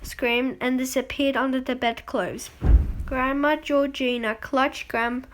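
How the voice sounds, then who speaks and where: A woman reads a children's book aloud in a high voice. She keeps a steady pace, trips over words now and then and fixes them as she goes. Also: takes it slowly, a little hiss or hum. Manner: reads steadily with frequent slips and self-corrections. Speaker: reader.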